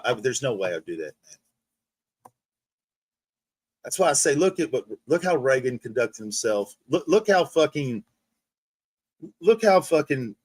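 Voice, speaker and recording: A fired-up man on a livestream, swearing constantly and circling back over his own sentences as he rants. His voice sits a bit high, and the sound is close and dry. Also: no room sound. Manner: profane, heated, repeats himself with restarts. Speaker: livestream host. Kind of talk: ranting casual monologue.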